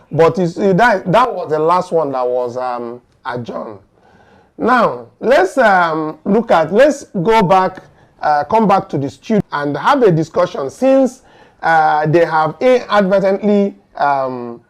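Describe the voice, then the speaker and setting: Nigerian guy high voice hyped up going over what happened, acts out bits, lots of uh and um. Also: unhurried. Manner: animated, dramatizes courtroom exchanges, hesitant fillers. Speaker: political commentator. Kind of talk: excited news recap.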